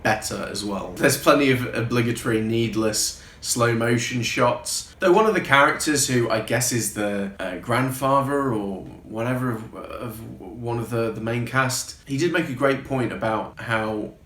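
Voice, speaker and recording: A man's voice: medium pitch, a little slow, few pauses, a bit bright. A man giving a casual film review in a wry, sarcastic tone, swearing now and then. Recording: roomy echo.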